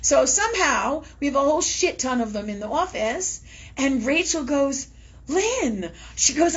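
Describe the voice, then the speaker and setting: A woman's voice: high-pitched, moderate pace, highs cut off. A woman hosting a live spiritual talk show, telling a story casually with lots of swearing and laughter. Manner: profane, laughing storyteller, animated.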